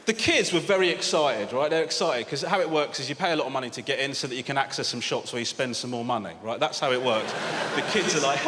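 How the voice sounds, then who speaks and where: A man, doing a deadpan, mock-grumpy stand-up routine on a theatre stage, acting out other voices. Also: medium pitch, quick pace. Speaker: stand-up comedian. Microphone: handheld stage mic. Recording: live theatre with long reverb, loud audience noise.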